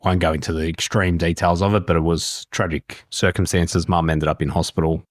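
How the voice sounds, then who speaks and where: A man's voice: sits low, little pitch movement, brisk, dry recording, clean studio sound. An Australian man, a podcast guest, telling his story in an open, matter-of-fact way. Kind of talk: candid podcast conversation.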